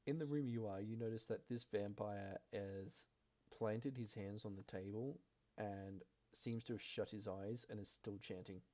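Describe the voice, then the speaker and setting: A man with a fairly low voice runs a tabletop game as game master. He narrates the scene in steady descriptive sentences, pausing on fillers as he checks the rules.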